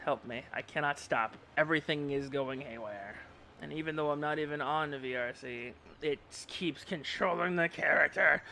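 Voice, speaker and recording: A young man streaming a game live and bantering loudly with his chat, excitable and quick to yell. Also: a little high, gravelly. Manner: excitable, yelling at chat, quick mood swings. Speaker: VTuber streamer.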